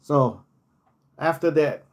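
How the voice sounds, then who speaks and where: A man recalls old workplace stories in a relaxed, conversational way. His voice sits a little high and he talks slowly, circling back to repeat phrases for emphasis. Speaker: storyteller, former hotel manager. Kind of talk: casual personal anecdotes.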